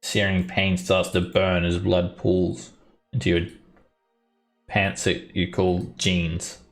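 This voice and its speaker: A man running a tabletop game as dungeon master, narrating scenes with fillers and pauses. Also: low voice, monotone, faint music behind.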